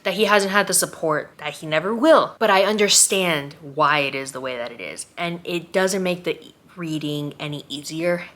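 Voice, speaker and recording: A young woman with a low-pitched voice vlogs an emotional, heartfelt book review. She swings between hushed, tearful passages and angry outbursts.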